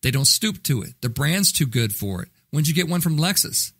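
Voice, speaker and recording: A man's voice: fairly high pitch, very animated, fairly quick, vocal fry, a bit bright, husky, no room sound. A man hosting a podcast, talking about marketing in a blunt, ranting way that mocks bad habits. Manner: blunt, ranting, mocks callers in put-on voices. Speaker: podcast host. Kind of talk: opinionated marketing talk.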